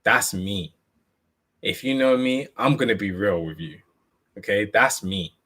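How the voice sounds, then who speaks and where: Young male speaker, low-pitched, candid storyteller who stumbles and repeats words. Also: lively intonation, a little slow, pushed and bright. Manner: earnest and candid, repeats and restarts phrases. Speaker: motivational speaker. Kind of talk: personal storytelling talk.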